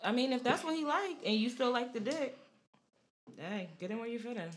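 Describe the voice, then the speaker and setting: A woman co-hosting a podcast, relaxed as she moves the talk along. Faint background noise sits under her voice. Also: fairly high pitch, brisk. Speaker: podcast co-host. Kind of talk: casual podcast chat.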